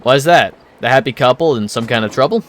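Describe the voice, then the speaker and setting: A man voicing a brash, rough-talking male street fighter from a game. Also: medium pitch, animated, quick pace, pitched below the performer's own voice, lightly acted. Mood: cocky.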